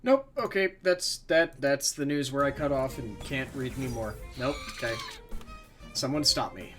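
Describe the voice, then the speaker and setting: Soft background music plays as a man streams a video game, talking at normal speed in a mid-range, fairly bright voice. His casual gameplay commentary is rambling, full of free swearing and self-mocking asides.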